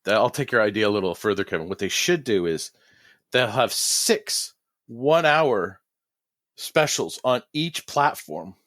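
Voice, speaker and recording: A man co-hosting a casual podcast, jokey and eager to pitch ideas. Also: lively intonation, measured pace, a bit bright, no echo, studio quality. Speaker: podcast co-host. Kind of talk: casual chat.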